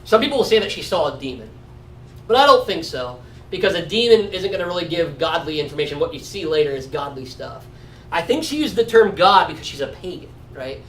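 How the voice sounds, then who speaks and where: A man leads a casual Bible study, thinking aloud and often checking in with "right?". His voice sits high for a man. He is recorded from a distance in an echoey room with a faint hiss behind him. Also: lively intonation, brisk, fairly bright tone. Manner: conversational, often adds 'right?'. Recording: roomy echo from a distant mic.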